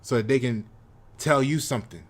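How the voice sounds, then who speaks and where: A man's voice: mid-range voice, fairly quick. An American man delivering a confrontational lecture on his channel, repeating himself as he drives his points home. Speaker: channel host. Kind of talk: monologue commentary.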